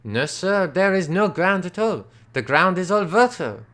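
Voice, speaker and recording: A man voicing an excitable little Frenchman with a put-on French accent and broken, indignant English. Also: high-pitched, unhurried, voice pushed up, heavily acted.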